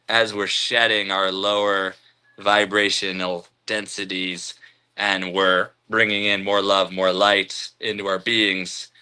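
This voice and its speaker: A man hosting a live stream, reading out chat comments and musing in a relaxed, spiritual way, chuckling often. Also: lowish voice, clean tone.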